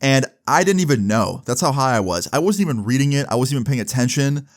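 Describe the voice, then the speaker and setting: A young man telling a personal story in a casual vlog, animated, with lots of fillers. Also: mid-range voice, quick pace. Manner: animated, swearing, fillers like "like" and "right". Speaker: vlogger.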